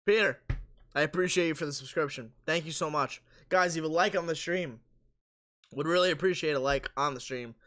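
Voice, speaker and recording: A man hosting a live sports stream, casually reading viewer comments aloud and answering them while his voice is going hoarse. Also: a little high, fairly quick, sharp tone.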